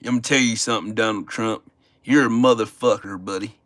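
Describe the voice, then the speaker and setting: A man voicing a blustering, cussing political heckler in a gruff, lower voice that keeps calling people buddy. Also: steady tone, brisk, fairly bright tone, lightly acted. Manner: gruff and lower-pitched than his own talk, calls everyone buddy.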